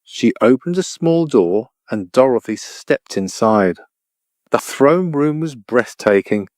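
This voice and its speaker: A man narrating a children's storybook audiobook in an even, clear storytelling voice. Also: mid-range voice, takes it slowly, dry recording, studio quality.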